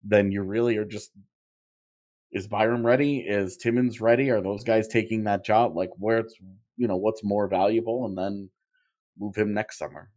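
A man with a fairly low, darkish voice co-hosts a podcast, chatting loosely about hockey contracts. He thinks aloud and restarts often, in the style of casual sports talk.

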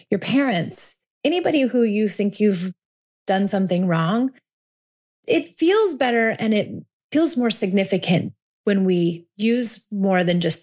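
A woman in her forties hosting a parenting podcast, talking earnestly and reflectively, slowing down to stress her points. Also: medium pitch, a little mellow. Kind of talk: reflective solo podcast talk.

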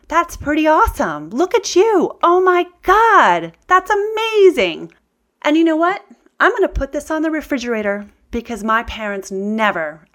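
A woman's voice: medium pitch, fairly bright tone. A middle-aged woman speaking candidly to her audience about healing, earnest and confiding, with emphatic outbursts. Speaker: self-help speaker.

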